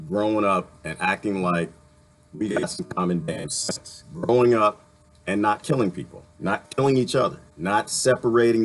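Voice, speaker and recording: A man hosting a casual livestream, talking bluntly and repeating himself, a little annoyed. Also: fairly low pitch. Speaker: livestream host.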